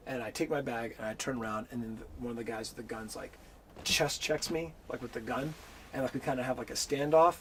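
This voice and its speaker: Male interview guest, casual storyteller, animated and profane, light faint background noise. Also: mid-range voice, a little fast. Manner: animated, swears freely, acts out the voices in his story.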